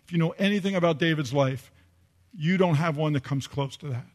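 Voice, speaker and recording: A man's voice: fairly high pitch, animated, fairly quick. An older man preaching a sermon, telling a personal story and repeating phrases for emphasis. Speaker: pastor.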